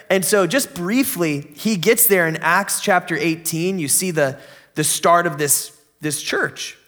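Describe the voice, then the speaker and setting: A man's voice: high voice, measured pace, fairly bright tone. A young man preaching a sermon in an enthusiastic, conversational, joking way. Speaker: pastor.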